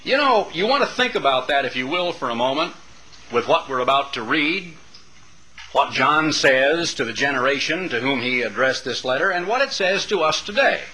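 A man's voice: mid-range voice, lively intonation, normal speed, sharp tone, rough recording. A middle-aged man preaching a sermon to a congregation, building dramatic, rhythmic lists of phrases. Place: church sanctuary before a congregation.

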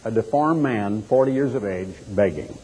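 A man's voice: lowish voice, animated, normal speed, warm tone, breathy edge. A man preaching a sermon, retelling a scripture story dramatically and acting out the quoted voices. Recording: long hall reverb.

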